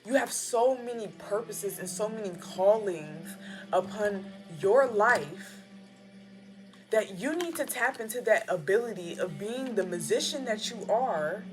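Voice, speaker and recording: A woman's voice: medium pitch, lively intonation, unhurried. Slangy woman giving a tarot pep talk. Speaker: tarot reader. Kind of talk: casual tarot reading monologue. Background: background music.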